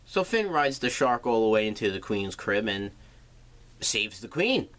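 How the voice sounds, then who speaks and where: A man's voice: lowish voice, sing-song, unhurried, fairly bright tone. A man recapping a film's plot in a casual, sarcastic way, swearing freely as he goes. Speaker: movie reviewer.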